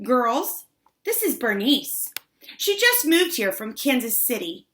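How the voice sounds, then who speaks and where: A woman's voice: big pitch swings, slow pace, exaggerated voice. A woman voicing a bossy fifth-grade girl who gushes to impress adults, in an audiobook reading. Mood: gushing. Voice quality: high, loud, showy sweetness.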